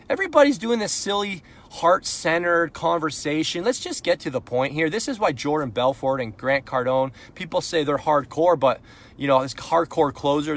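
This Canadian sales coach and podcast host speaks a little high, with a fairly bright tone, during a live sales coaching talk. He keeps it blunt and punchy, peppering the audience with rhetorical questions and pushing into frustrated intensity.

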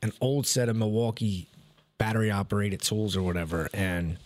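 A man co-hosting a podcast, telling profane, animated stories in casual chat and laughing as he goes. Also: fairly low pitch, normal speed. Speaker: podcast co-host.

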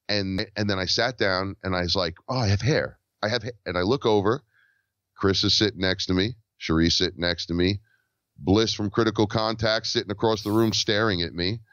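Low-voiced man telling an animated story. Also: no room sound. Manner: animated, acts out quoted dialogue. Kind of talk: casual storytelling. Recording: dull lo-fi dry recording.

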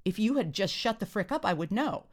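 A woman's voice: mid-range voice, animated, brisk, pitched above the performer's own voice, natural voice. A woman voicing a jittery, superstitious young man who blusters in panicky insistence. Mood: rattled.

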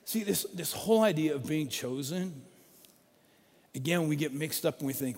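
A man with a somewhat high, husky voice preaches a sermon, telling stories conversationally and swinging between loud emphasis and hushed softness. His voice rings out with the long reverb of a large hall. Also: lively intonation, normal speed. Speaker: pastor.

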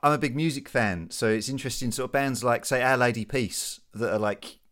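A British man with a mid-range voice asks questions in a relaxed interview. He speaks thoughtfully, hesitating and repeating words as he works out what he means. The tone is conversational. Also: mid-range voice, a little fast. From Britain. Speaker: podcast host. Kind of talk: casual interview.

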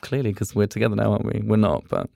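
A young English man with a fairly low, gravelly voice talks fast as a podcast guest and drag performer. In casual chat he tells stories animatedly, acting out the dialogue. The recording is dry and studio quality.

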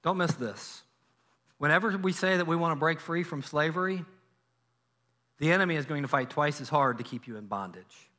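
A male pastor preaching a sermon in a church, telling a Bible story in a lively way and acting out the characters' lines. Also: on the high side, normal speed. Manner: animated storytelling, acts out biblical dialogue. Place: church sanctuary.

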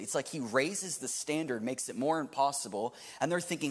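A man in his thirties preaching a sermon to a live congregation, swinging from loud to hushed. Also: medium pitch, lively intonation, moderate pace, slightly rough, long reverb tail. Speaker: pastor. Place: church hall with live audience.

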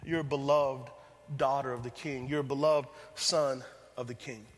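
A male pastor preaching a sermon, talking straight to the congregation and swinging between loud emphatic passages and hushed, tender ones. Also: medium pitch, steady tone, moderate pace, long reverb tail. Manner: addresses the congregation directly.

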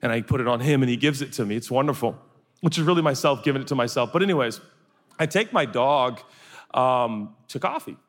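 Male pastor, animated comic storyteller, lively delivery, recorded in a reverberant hall. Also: mid-range voice, fairly quick. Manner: animated, acts out voices for comic anecdotes. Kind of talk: sermon storytelling. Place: large hall with audience.

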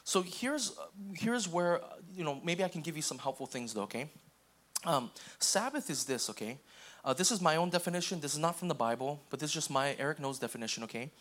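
A young man preaching a sermon in an easygoing, conversational way, often checking in with the congregation and acting out quick voices. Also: on the high side, animated, fairly bright tone. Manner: casual, repeats okay and restarts, acts out quoted voices. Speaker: pastor.

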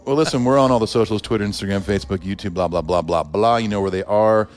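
Easygoing man co-host, lowish voice. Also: fast talker. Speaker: podcast co-host. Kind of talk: casual chat.

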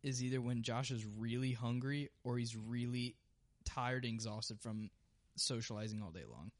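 A young man co-hosting a podcast, telling stories in a relaxed casual chat. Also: mid-range voice, normal speed. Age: young adult. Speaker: podcast co-host.

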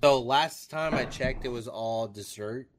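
A man's voice: medium pitch, a little slow. A man co-hosting a casual tech podcast, teasing the others. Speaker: podcast co-host.

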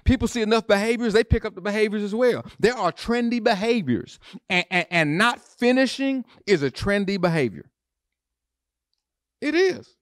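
Male pastor preaching, slightly raised pitch, dry close sound, repeats himself for emphasis. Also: moderate pace, no room sound. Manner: animated, repeats phrases, asks the congregation questions. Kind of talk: sermon.

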